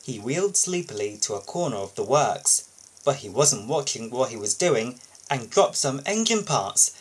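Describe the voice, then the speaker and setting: A man reading a children's storybook aloud in an expressive, sing-song way. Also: mid-range voice, normal speed, slightly rough, low-quality recording. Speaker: storybook reader.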